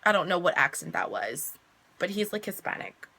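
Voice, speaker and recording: A young woman casually recapping a TV episode, chatty and animated, jumping high in pitch when she quotes the characters. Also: normal speed. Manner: chatty, animated quoting with big pitch jumps. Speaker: reaction vlogger recapping an episode.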